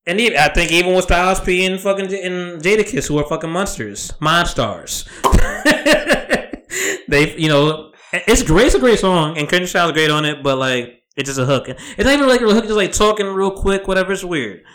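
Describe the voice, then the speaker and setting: A man co-hosting a podcast in casual chat, animated and profane, often acting out quotes. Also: high-pitched, normal speed. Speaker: podcast co-host.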